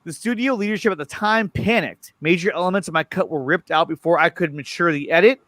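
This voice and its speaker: A man hosting a casual chat about movie news. He is excited, repeats his words and often restarts his sentences. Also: high-pitched, fast talker, no room sound. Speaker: show host.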